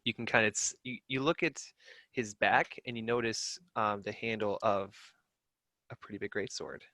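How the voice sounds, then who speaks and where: A man's voice: fairly low pitch, fairly even intonation, moderate pace, pushed and bright, no echo. A man narrating a tabletop game as game master, rambling with many fillers.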